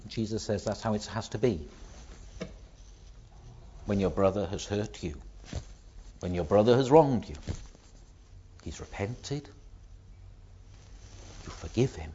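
A man preaching a sermon, acting out the voices he quotes with lively rises and drops in pitch. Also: takes it slowly, long pauses, muffled recording, a little hiss or hum.

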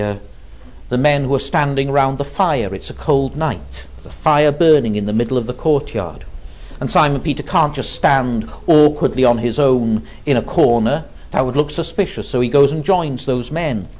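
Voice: mid-range voice, moderate pace, a little mellow. A preacher giving a sermon, retelling a story in an earnest, vivid way, on a dull lo-fi recording.

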